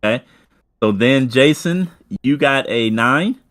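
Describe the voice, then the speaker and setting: A man running a tabletop game as game master, talking in halting stretches full of fillers and restarts. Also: medium pitch, expressive, fairly bright tone.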